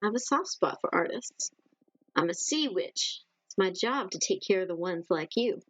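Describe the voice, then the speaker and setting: A woman voicing a calm, caring female sea witch in a game, reading in a slow, soothing, motherly way. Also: fairly low pitch, dry recording. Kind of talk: reading game dialogue aloud.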